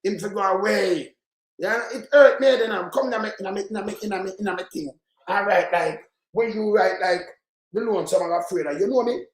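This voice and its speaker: A man's voice: high voice, a little fast. Angry Jamaican man ranting in a roomy echo. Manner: angry, rambling, swears, mixes in patois. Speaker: channel host. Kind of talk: heated political rant. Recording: roomy echoey sound.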